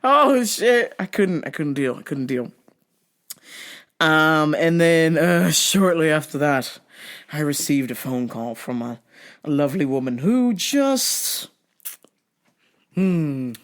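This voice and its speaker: A woman hosting a show, retelling work stories in an animated, profane, comic way. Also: deep voice, takes it slowly, pauses often. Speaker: show host. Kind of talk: comic storytelling.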